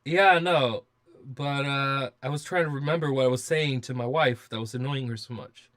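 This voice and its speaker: A man in a mid-pitched voice rambles through a casual studio livestream. He restarts his sentences often and swears freely. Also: normal speed, fairly bright tone. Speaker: music producer and livestream host.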